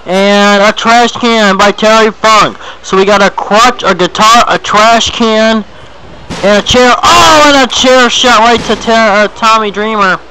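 A young man calling a wrestling match play-by-play, excitable and repetitive, with sudden yelps at big hits. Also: high-pitched, slight background noise, rough recording. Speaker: play-by-play announcer.

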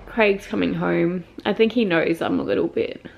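Gravelly-voiced young woman venting, teary. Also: on the low side, normal speed, darkish tone, lo-fi sound, a little hiss or hum. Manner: upset, frustrated and venting. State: teary after crying. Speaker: vlogger. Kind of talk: casual personal vlog.

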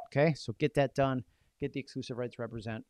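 Punchy, energetic male sales coach. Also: medium pitch, fast talker, no room sound. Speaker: real estate coach. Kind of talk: training seminar talk.

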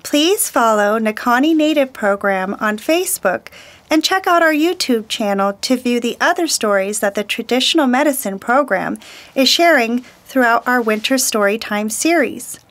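A woman storyteller reading a children's picture book aloud, slow, gentle and deliberate. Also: on the high side, animated.

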